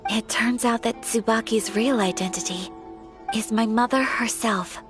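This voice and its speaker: A woman voicing a gentle, composed young noblewoman. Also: on the high side, fairly even intonation, lightly acted. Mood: earnest. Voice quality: soft, measured and formal speech. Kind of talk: video game voice acting. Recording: game audio with faint background music. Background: game music.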